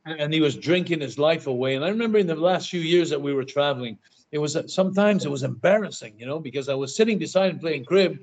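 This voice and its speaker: An older man, a guest in an interview, telling animated anecdotes in casual talk, often stammering and repeating his words. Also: a little high. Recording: dull lo-fi sound.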